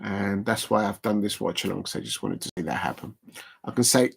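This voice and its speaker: A man's voice: lowish voice, fairly quick, gravelly, a little hiss or hum. A man hosting a casual live stream watch-along, rambling and chuckling as he chats to viewers.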